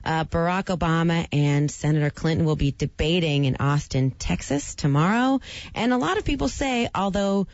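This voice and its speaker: A woman co-hosting a talk show who reads news items with a wry, conversational touch. Her voice sits on the lower side, dry and close, with a slightly dull lo-fi broadcast tone. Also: lively intonation, moderate pace, darkish tone, no echo. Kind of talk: casual chat reading news items.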